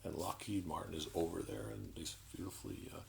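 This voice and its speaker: A man delivering an indignant, sarcastic political commentary monologue, halting with frequent restarts. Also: low-pitched, gravelly, slight background noise, rough recording.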